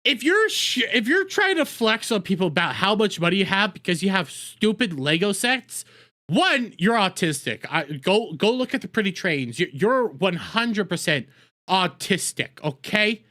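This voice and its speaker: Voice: mid-range voice, sing-song, moderate pace, sharp tone. A streamer giving casual reaction commentary in crude, profane, mocking rants.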